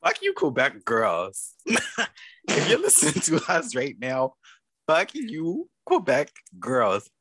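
A young Canadian man co-hosts a podcast with sassy, profane rants and sudden laughs. His pitch swings wildly, his tone is bright, and the dry studio keeps him close. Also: huge pitch swings, slow, no room sound. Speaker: podcast co-host. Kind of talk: casual chat.

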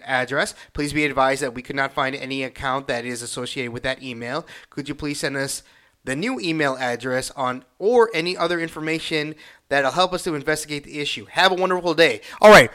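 A man's voice: on the high side, pushed and bright, clean tone. A man hosting his own podcast, telling a profane, exasperated story and reading messages aloud. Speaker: podcast host. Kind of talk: casual solo rant.

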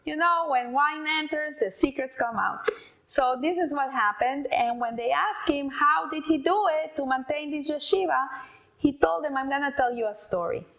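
A woman casually telling an inspirational story, halting and repeating words as she goes. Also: high voice, vocal fry, a bit bright.

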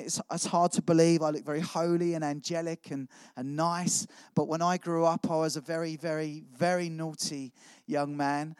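A man's voice: on the high side, no room sound. A middle-aged man preaching a sermon, telling his own story in a chatty, self-mocking way. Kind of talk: sermon with personal testimony.

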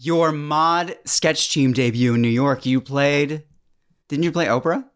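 This is an easygoing podcast co-host with a voice at an ordinary middle pitch. The talk is relaxed and agreeable, with plenty of quick agreement and laughter. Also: clean tone. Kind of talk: casual chat.

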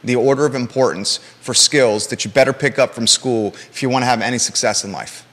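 A man's voice: medium pitch, brisk, a bit bright, long reverb tail. A man hosting a live local talk show, blunt and emphatic, with joking asides.

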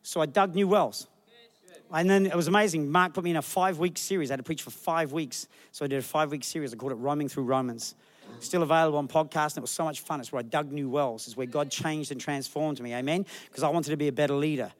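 A man preaching a lively sermon in a church, acting out people with funny voices. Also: on the high side, quick pace. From Australia. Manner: animated, acts out people in the crowd with funny voices. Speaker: pastor.

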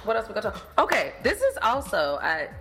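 A woman's voice: mid-range voice, wildly swooping pitch, fairly quick, background noise. A woman hosting a podcast in casual chat, bubbly and playful, laughing often. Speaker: podcast host.

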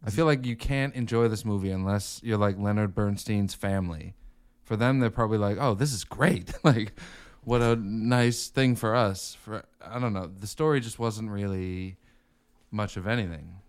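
A man's voice: on the low side, normal speed, smooth. A man co-hosting a casual podcast, reviewing a film in a laid-back, wry way and laughing often. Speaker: podcast co-host. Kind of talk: casual movie review chat.

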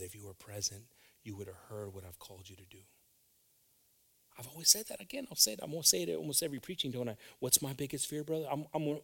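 A male pastor preaching a sermon, dropping into hushed whispers and then rising to emphatic, loud lines. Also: medium pitch.

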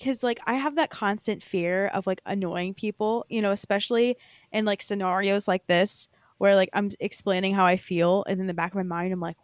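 A woman's voice: mid-range voice, steady tone, fairly quick, no room sound, clean studio sound. Giggly, apologetic woman podcaster. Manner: apologetic, laughs often, many "like" fillers. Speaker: podcast co-host. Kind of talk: casual chat.

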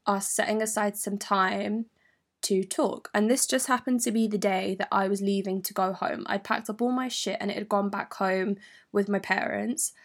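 A young woman from London with a London accent, telling a personal story in a candid, animated, sweary way full of slang. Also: medium pitch, moderate pace. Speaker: vlogger. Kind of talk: storytime monologue.

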